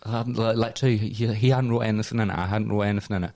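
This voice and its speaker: Deep-voiced Scottish man in his twenties. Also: rapid-fire, no room sound, clean studio sound. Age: 20s. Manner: swearing, animated storyteller who laughs at his own tale. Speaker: podcast co-host. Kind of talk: casual storytelling chat.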